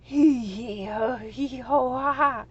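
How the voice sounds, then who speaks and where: A woman's voice: fairly high pitch, slow, breathy edge, highs cut off. A woman voicing a boisterous male dragon who roars with laughter. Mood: roaring laughter. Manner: loud roaring belly laughter.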